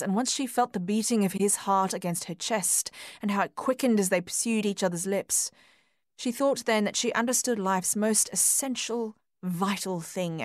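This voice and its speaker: A woman reading a literary story in a soft, measured, often hushed voice on a close microphone. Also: mid-range voice, dry recording. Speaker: narrator. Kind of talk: scripted audiobook narration.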